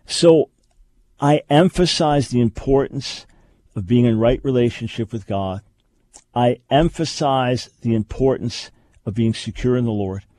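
A man's voice: mid-range voice, measured pace, dark tone, no echo. A man hosting a radio talk show, teaching in an emphatic way and repeating his key phrases.

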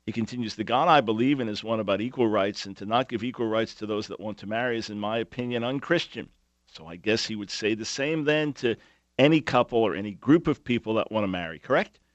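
A man's voice: on the low side, fast, no echo, muffled recording. Man, talk radio host, emphatic, sarcastic, dry close mic.

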